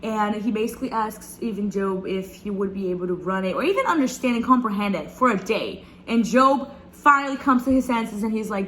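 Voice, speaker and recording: A young woman sharing a Bible reflection in a casual, animated devotional talk, speaking straight to her viewers. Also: mid-range voice, fairly quick, few pauses, a little hiss or hum, poor audio. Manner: chatty, animated, addresses viewers as "guys".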